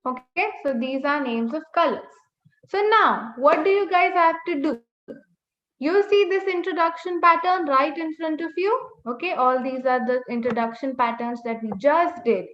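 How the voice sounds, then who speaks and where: A woman leads an online class and drills each word slowly and patiently, correcting pronunciation again and again. Her voice is high and bright. It comes over an echoey, dull video-call line. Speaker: language teacher. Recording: echoey, dull webinar audio.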